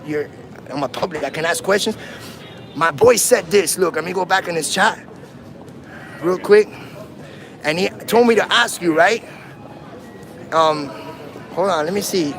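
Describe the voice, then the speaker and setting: A man with a fairly high voice livestreams from a handheld phone on a city street. He taunts and provokes in loose slang. The sound has an outdoor, open-air feel. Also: gravelly, fairly bright tone. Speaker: first amendment auditor.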